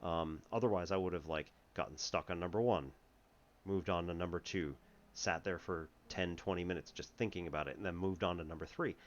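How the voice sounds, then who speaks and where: Deep-voiced man rambling through a lesson. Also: muffled recording. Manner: rambling, laughs often, halting restarts. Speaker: math tutor. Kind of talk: casual lesson chat.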